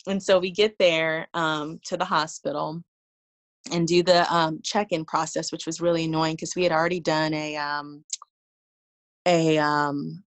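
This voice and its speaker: A young woman telling her birth story in a casual conversation, animated and laughing, acting out her own past lines. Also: low voice, unhurried.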